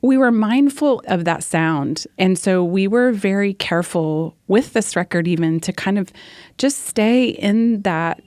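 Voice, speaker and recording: A woman's voice: medium pitch, a little slow, a little mellow, no echo. Earnest woman guest, dry close sound. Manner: earnest, storytelling, laughs often. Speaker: guest worship leader. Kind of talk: casual podcast conversation.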